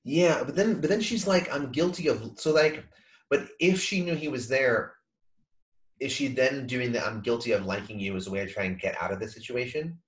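A man co-hosting a casual podcast chat over a video call, lively and acting out quoted lines as he talks. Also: mid-range voice, moderate pace, rough recording. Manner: animated, acts out quoted lines. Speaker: podcast co-host.

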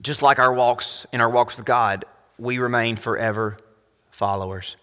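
A male pastor preaching a sermon, animated and full of rhetorical questions, swinging between loud and hushed. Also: mid-range voice, normal speed, big-room sound.

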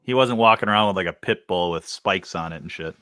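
Podcast cohost guy, low but sharp bright voice, rambly and laughing, dry close sound. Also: quick pace, clean tone, no echo. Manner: laughing, rambling, joking asides. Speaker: podcast co-host. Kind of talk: casual chat.

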